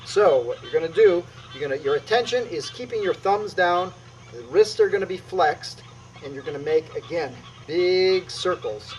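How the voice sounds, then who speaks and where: A middle-aged man teaching qi gong exercises on video, energetic and emphatic, calling out strikes with a loud "boom". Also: normal speed, a little hiss or hum, low-quality recording. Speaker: qi gong instructor.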